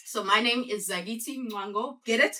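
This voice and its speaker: A South African woman giving a conversational talk to a live audience, throwing quick call-and-response questions at the room. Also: fairly high pitch, bright, forceful tone, distant mic. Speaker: guest speaker. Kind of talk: conversational presentation.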